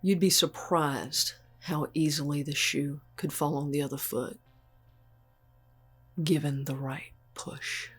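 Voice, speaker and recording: Cold calculating psycho lady, slow calm menace, faint music underneath. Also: low voice, slightly rough, full character voice. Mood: menacing. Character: cold, manipulative female psychopath. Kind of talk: film drama dialogue.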